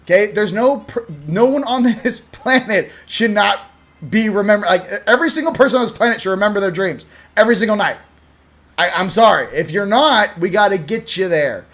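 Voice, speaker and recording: Talking informally to the camera, the host of a spiritual channel, a man from Southern California, is lively and quick to laugh, dropping to a hush one moment and getting loud the next. He speaks in a high register at a fairly quick clip.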